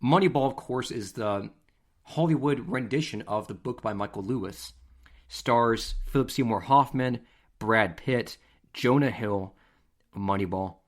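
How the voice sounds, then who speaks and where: A man hosting a podcast, telling stories in a casual, animated, conversational way. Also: medium pitch, a little slow. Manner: animated, conversational, acts out scenes. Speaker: podcast host. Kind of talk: casual storytelling.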